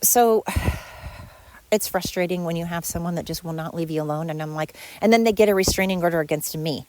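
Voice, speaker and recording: A woman's voice: a little fast, a little mellow, dry recording. A middle-aged woman hosting her own podcast, venting sarcastically about former coworkers. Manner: venting, sarcastic, mimics others in high voices. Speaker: podcast host. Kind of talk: solo podcast rant.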